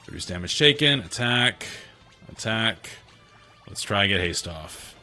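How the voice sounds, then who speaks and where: Deep-voiced dude doing joking retro game commentary, punchy tone, faint music under it. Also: male voice, expressive, brisk, bright, forceful tone. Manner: wry, joking asides. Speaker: gaming channel host. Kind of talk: let's play commentary.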